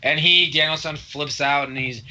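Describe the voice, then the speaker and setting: A man's voice: on the high side, fairly even intonation, normal speed, pushed and bright, lo-fi sound. A man co-hosting a podcast, retelling a movie plot in rambling, profane casual chat. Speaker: podcast co-host.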